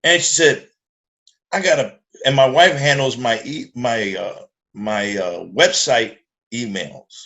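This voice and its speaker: A middle-aged man telling a profane, animated story in casual chat and acting out the voices of the people in it. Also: medium pitch, a little slow. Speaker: guest musician.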